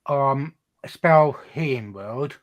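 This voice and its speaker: A man playing a tabletop role-playing game, speaking hesitantly and pausing with fillers. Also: medium pitch, lo-fi sound. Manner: slow, hesitant, with pauses. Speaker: player. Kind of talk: casual tabletop game play.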